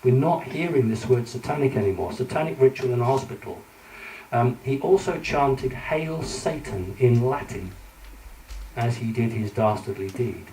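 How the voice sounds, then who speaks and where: British guy giving a talk in a big echoey hall, mellow voice, kinda distant, lots of ums. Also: medium pitch, animated, normal speed. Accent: British English. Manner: hesitant, many fillers and restarts, earnest and warning. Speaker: conference speaker. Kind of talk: conference talk with slides. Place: large conference hall. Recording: echoey hall from far off, faint hiss.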